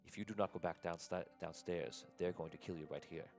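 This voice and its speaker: A man voicing a stern noble lord who quietly threatens a character, in a low, hushed voice. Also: steady tone, a little fast, soft background music. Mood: menacing.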